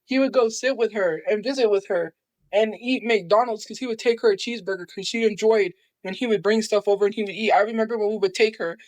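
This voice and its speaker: A woman from Albuquerque, New Mexico, speaks on a livestream, aggrieved and defensive while recounting family matters. Her mid-range voice is a little mellow and fast, with no room sound.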